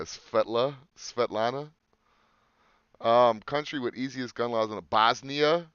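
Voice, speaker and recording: A man's voice: mid-range voice, a little slow, fairly bright tone, clear, resonant tone, no echo, muffled recording. A man co-hosting a casual podcast, joking crudely and reading facts aloud off a screen. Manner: crude, joking, swears freely. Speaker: podcast co-host.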